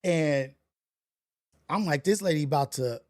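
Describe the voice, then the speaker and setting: A man with a fairly high voice tells a story on a casual livestream. His talk is loose and slangy, full of restarts and fillers. He sounds like a streamer talking into his phone at home. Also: measured pace. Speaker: livestream host. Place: home setup for a portrait livestream.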